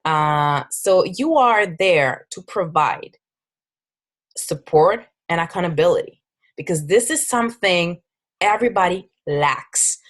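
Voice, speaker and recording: A woman with a French accent and a fairly low voice pitches fitness coaching in a casual, upbeat way. She talks persuasively, often breaking off and restarting her sentences. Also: animated, slow pace. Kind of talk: casual recruiting presentation.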